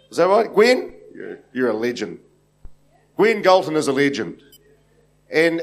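Brief: New Zealand male pastor, slightly raised pitch, loose anecdotal sermon delivery with plenty of "uh" and restarts. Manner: rambling, anecdotal, many restarts and fillers. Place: church hall with congregation.

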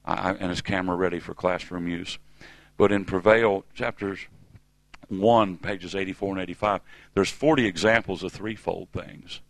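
A man's voice: low-pitched, steady tone, moderate pace, dry recording, low-quality recording. A middle-aged man preaching a sermon in a church service, emphatic and calling on the congregation to respond.

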